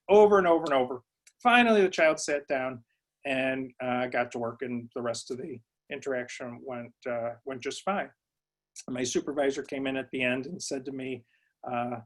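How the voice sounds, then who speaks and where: A man's voice: medium pitch, normal speed. A psychology professor giving a webinar lecture to educators, speaking conversationally with lots of uh and um fillers and telling stories from his own early work.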